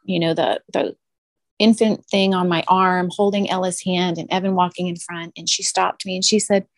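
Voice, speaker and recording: A woman's voice: fairly low pitch, level tone, moderate pace, dry recording. A middle-aged mother telling a heartfelt personal story in conversation, earnest and emotional. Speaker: guest.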